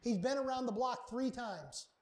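A man with a very high voice preaching in a church. He talks with earnest emphasis and leans hard on repeated words, the way a pastor drives a point home from the pulpit. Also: normal speed, slight background noise. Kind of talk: sermon. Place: church sanctuary.

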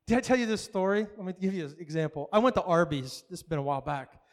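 A man's voice: high voice, quick pace. A male pastor preaching a sermon, telling a story with acted-out dialogue and frequent laughs. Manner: animated storytelling, acts out dialogue, laughs often.

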